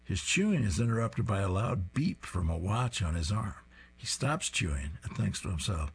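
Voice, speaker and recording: A man's voice: deep voice, very animated, moderate pace, slightly rough. A man reading comic strips aloud, describing each panel in an amused way.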